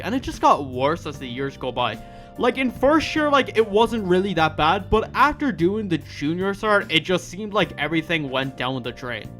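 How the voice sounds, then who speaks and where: Animated Irish young-man vlogger, ranting school stories; high, lively voice over faint music. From Ireland. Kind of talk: storytime vlog.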